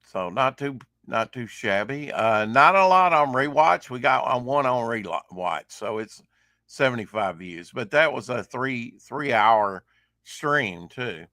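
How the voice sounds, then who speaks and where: A man's voice: medium pitch, expressive, measured pace, bright, forceful tone, dry recording, clean studio sound. A man hosting a casual livestream chat show over a video call, rambling with many fillers. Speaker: host.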